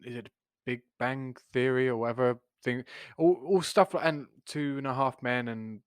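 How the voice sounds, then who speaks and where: A man's voice: medium pitch, normal speed, clear, resonant tone, dry recording, clean studio sound. A man co-hosting a podcast, retelling a sitcom episode in a rambling, chatty way with lots of restarts. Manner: rambling, many restarts, chuckles while retelling. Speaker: podcast co-host. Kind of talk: casual chat recapping a sitcom episode.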